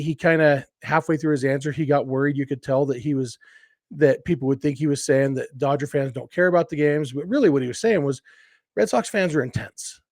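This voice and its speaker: A man's voice: fairly high pitch, a little mellow, no room sound, studio quality. Enthusiastic rambling man podcasting. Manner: enthusiastic, rambling with frequent restarts and asides. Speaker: podcast host. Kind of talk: casual solo podcast commentary.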